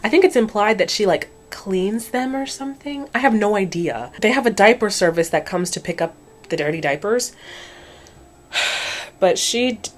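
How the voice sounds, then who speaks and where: A woman's voice: medium pitch, moderate pace, slight background noise. Chatty woman recapping a cartoon. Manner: chatty and expressive, swears, slips into characters' voices. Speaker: YouTube recap host. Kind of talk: casual cartoon episode recap.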